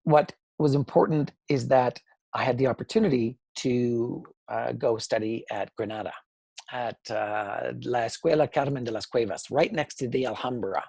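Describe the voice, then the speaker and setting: A Canadian man, an interview guest, telling personal stories in an animated way and acting out quoted dialogue. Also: medium pitch, moderate pace, vocal fry, husky, no echo, clean studio sound. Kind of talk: conversational storytelling.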